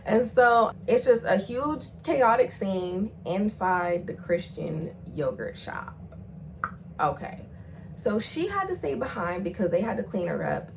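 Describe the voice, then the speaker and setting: A young woman, telling a profane storytime in casual chat and jumping into loud, high acted quotes. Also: creaky, a little hiss or hum, rough recording. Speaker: storyteller vlogger.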